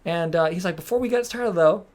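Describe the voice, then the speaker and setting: A young man hosting a podcast, telling a story in casual chat, acting out quotes and swearing freely. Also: high voice. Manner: fast, animated, swears freely, acts out quotes. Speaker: podcast host.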